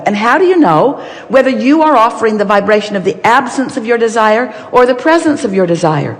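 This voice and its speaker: A woman's voice: fairly high pitch, animated, fairly quick, few pauses. A woman giving an inspirational seminar talk, speaking as a collective "we" in an emphatic, playful way. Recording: long reverb of a large hall.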